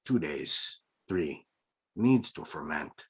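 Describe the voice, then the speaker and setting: A grave old Mexican oracle-priest with a rich, very deep voice, as a man puts him on. He speaks in a Mexican accent, slow and matter-of-fact, each word weighted with knowing calm, in a spoken storybook reading. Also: breathy edge, heavily acted.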